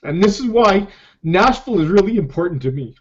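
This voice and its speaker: A middle-aged man in a personal vlog, talking emotionally and haltingly about his own comeback, often repeating himself. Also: high voice, lively intonation. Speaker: network marketer sharing his story. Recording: dull lo-fi recording.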